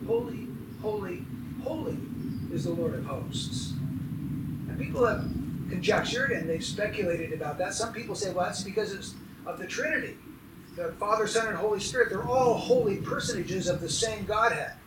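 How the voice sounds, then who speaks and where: A man's voice: high-pitched, normal speed, echoey room, far from the mic, noisy background. A man preaching a sermon as pastor, emphatic and putting questions to his congregation.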